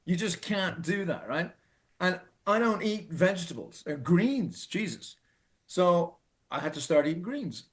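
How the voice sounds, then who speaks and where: A middle-aged Irish man telling a personal story in an earnest, halting way, restarting and repeating phrases for emphasis. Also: high-pitched, expressive. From Ireland. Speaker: speaker telling his own story.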